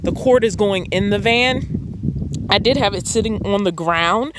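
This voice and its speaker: A woman talks casually at an outdoor desert campsite beside her van, rambling and often pausing with ums. The recording has clear, steady background noise around her voice. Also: mid-range voice. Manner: chatty, rambling, frequent ums. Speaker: van-dwelling vlogger. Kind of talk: casual chat.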